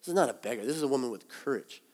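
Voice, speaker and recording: A man's voice: mid-range voice, animated, racing, a little mellow, husky. A man preaching a sermon as pastor, talking conversationally and with animation. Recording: long hall reverb.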